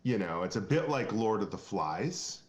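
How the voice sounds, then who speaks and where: A company founder from Maine is interviewed for a casual podcast, speaking earnestly but rambling and restarting often. His voice is lowish with big pitch swings, at a moderate pace, and the sound is reverberant.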